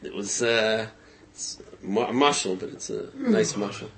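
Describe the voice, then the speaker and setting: Animated storytelling man. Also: on the low side, measured pace, slight background noise. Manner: animated, repeats words, frequent fillers. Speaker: speaker telling a parable.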